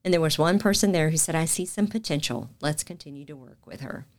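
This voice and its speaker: Lively Southern woman telling stories. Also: sits low, brisk. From Macon, Georgia. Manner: animated storyteller, acts out quoted lines. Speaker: guest, news anchor. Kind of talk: casual interview storytelling.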